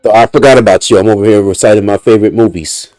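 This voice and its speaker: A man's voice: lowish voice, fast talker, dark tone, rough recording. A man streaming a video game, talking loosely and profanely and mumbling asides to himself. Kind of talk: casual gameplay stream commentary.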